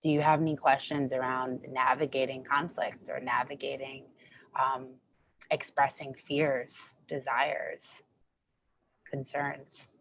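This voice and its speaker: A woman's voice: very deep voice, level tone, slow pace, a bit bright, slight background noise, rough recording. A woman hosting a group training, inviting questions in a searching, encouraging way. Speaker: training host.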